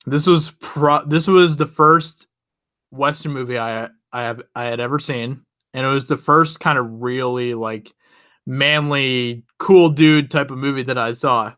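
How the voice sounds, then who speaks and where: A man's voice: medium pitch, unhurried, a bit bright, clear, resonant tone. A young man hosting his channel, casually telling a rambling personal story to his viewers and laughing often. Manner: rambling, chatty, laughs often, many restarts. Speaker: channel host.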